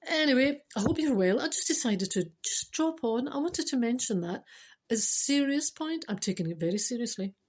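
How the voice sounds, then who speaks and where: A woman's voice: fairly high pitch, a little fast. Chatty Scottish woman telling a spiritual story. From Scotland. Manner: chatty, laughing, animated storytelling; earnest spiritual teaching. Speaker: spiritual vlogger. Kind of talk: casual storytelling to camera.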